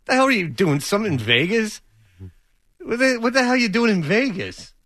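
Male radio host, bright voice, lively pitch swings, incredulous mocking banter. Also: fairly quick.

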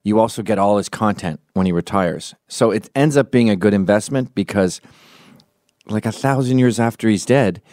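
A man's voice: fairly low pitch, normal speed, a little mellow, no room sound, clean studio sound. A man in his forties doing a profane, opinionated comedic podcast monologue, slipping into quoted voices as he tells stories. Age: 40s. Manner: acts out quoted voices mid-story.

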